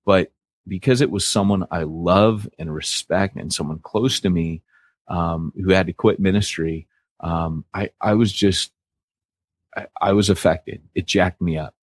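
Podcast host, man with a low husky voice, frank storyteller, dry close sound. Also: measured pace, no room sound. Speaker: church planting podcast host. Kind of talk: candid podcast conversation.

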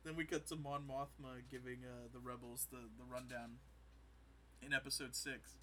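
Podcast guy w a really bright sharp voice, rambly recap, does little quotes. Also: mid-range voice, little pitch movement, normal speed, low-quality recording. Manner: rambling storytelling, acts out quotes. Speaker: podcast co-host. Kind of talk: casual chat, episode recap.

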